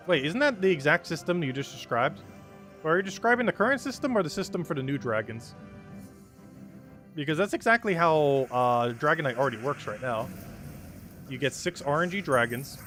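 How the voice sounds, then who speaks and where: A man's voice: mid-range voice, a bit bright. A man chatting casually as a live streamer while playing, answering his chat and laughing often. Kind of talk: casual gameplay commentary.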